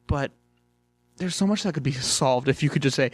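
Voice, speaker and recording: A man's voice: medium pitch, moderate pace, pauses often, no echo. A man casually reviewing a cartoon episode, rambling with lots of fillers.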